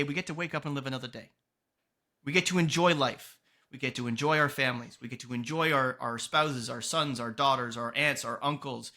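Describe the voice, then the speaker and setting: A man's voice: mid-range voice, bright, forceful tone. A man hosting a podcast, giving earnest, emphatic motivational advice in a casual tone and swearing now and then. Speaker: podcast host and coach.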